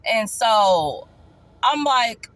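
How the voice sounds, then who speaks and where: Woman vlogger, casual storytime, emphatic, repeats herself, jumps up in pitch to stress a point. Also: sing-song, drawn-out words, fairly bright tone, dry recording. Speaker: vlogger telling her life story.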